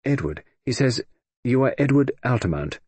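A man's voice: medium pitch, big pitch swings, moderate pace, darkish tone, slightly rough, dry recording, voice pushed up. A man voicing an anxious, earnest female assistant in an audiobook reading. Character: woman assistant, anxious and quick. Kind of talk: audiobook character voice.

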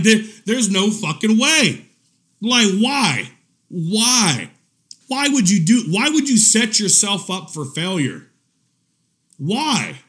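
Animated mocking man ranting on stream. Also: a little high. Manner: mocking, laughs often, heavy swearing. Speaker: drama commentary streamer. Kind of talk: profane livestream rant.

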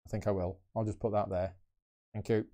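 Mellow-voiced man thinking aloud. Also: fairly low pitch, flat delivery, a little fast. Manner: chatty, thinking aloud while moving pieces. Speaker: board game channel host. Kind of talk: live solo board game playthrough commentary.

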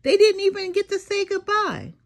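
An older woman reading a children's storybook aloud, slow and sing-song with dramatic pauses and a softly breathy voice. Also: very high-pitched. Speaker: storybook reader. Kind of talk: expressive children's read-aloud.

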